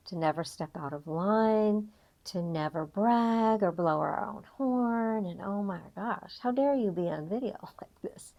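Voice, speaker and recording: An older woman coaching an emotional tapping session, reflective and gently guiding, with frequent pauses. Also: low-pitched. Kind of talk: guided tapping session talk.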